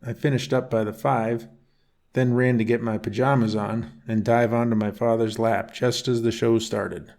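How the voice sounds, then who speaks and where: A man narrating a first-person bedtime story in a calm, unhurried reading voice. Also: mid-range voice, gravelly.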